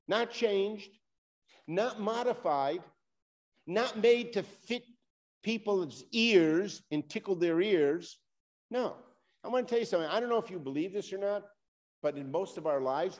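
A man preaching a sermon, talking straight to his congregation with rising and falling emphasis. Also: high-pitched. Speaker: pastor.

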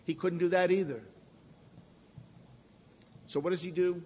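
A man preaching a sermon with slow, emphatic delivery that often sinks to a hush for effect. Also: sits high, steady tone, big-room sound, slight background noise.

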